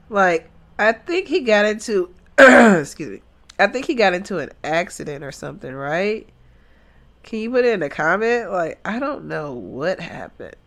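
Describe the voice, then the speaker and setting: A woman's voice: medium pitch, a bit bright. A woman hosting a reaction video, giving casual, blunt and emphatic commentary on a reality show while talking back to the screen. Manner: blunt, uses swear words.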